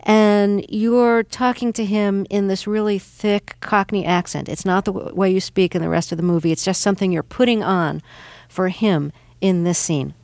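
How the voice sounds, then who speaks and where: A woman's voice: medium pitch, steady tone, moderate pace, darkish tone, no room sound. Inquisitive interviewer woman, dry sound. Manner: inquisitive, conversational. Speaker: interview host. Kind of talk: radio interview.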